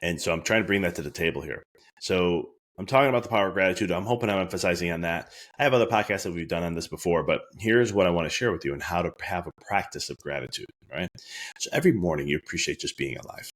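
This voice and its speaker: A man giving an earnest, emphatic motivational talk on a podcast. He repeats his key lines and jumps much higher when he acts out his own thoughts. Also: fast, a bit bright. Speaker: wellness speaker.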